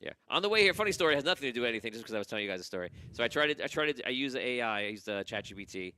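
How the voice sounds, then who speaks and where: Bright-voiced male podcast host. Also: mid-range voice, rapid-fire, clear, resonant tone. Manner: animated storyteller who stammers and repeats himself. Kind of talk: casual podcast chat. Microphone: studio podcast mic.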